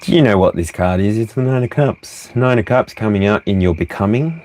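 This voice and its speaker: A man's voice: lowish voice, lively intonation, a little mellow, a little hiss or hum. A man giving a playful livestream tarot reading, breaking into song and laughter. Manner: playful, sings and laughs between slow readings. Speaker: tarot reader.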